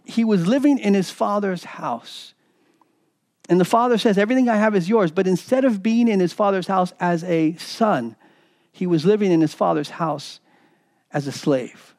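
A man's voice: sits high, unhurried, darkish tone. A man preaching a sermon as pastor, retelling a parable with repeated words and acted-out quoted lines. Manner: preaching with repetitions, acting out quoted voices.

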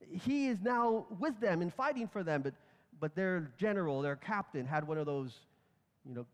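A man preaching a sermon, retelling scripture with lively storytelling and acted-out voices. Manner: storytelling, acts out crowds and captains with lively swings in pitch. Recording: long hall reverb.

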